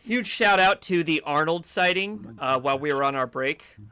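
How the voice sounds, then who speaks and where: Bright-voiced man narrating as game master. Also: a little high, normal speed, smooth, dry recording. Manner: relaxed, rambling descriptions with many fillers.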